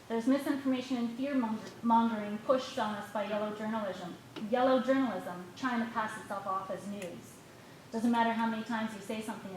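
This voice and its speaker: A woman speaking as a parent during public comment at a school board meeting, reading quickly and pointedly from her notes. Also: mid-range voice. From United States. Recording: echoey hall with faint noise.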